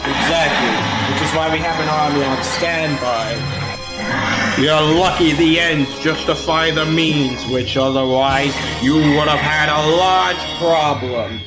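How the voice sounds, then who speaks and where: A man's voice: fairly high pitch, unhurried. A man voicing characters in a Minecraft role-play, bossy and scolding in a theatrical way. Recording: roomy sound under loud music.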